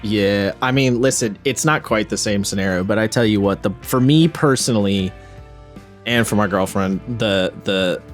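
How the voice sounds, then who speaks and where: A man's voice: fairly low pitch, normal speed, soft background music. A man co-hosting a podcast in casual chat, rambling and wry, often breaking off mid-thought. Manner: rambling, self-interrupting, wry. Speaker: podcast co-host.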